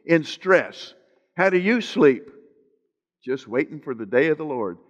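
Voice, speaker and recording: A man's voice: a little high, very animated, a little slow, lo-fi sound. A man preaching a sermon as pastor, stretching out scripture phrases for emphasis and slipping in joking asides to the congregation. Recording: long hall reverb.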